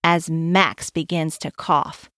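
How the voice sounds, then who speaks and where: A woman reading a children's story aloud in a gentle way, pausing to ask the listening child questions. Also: sits low, flat delivery, no echo, clean studio sound.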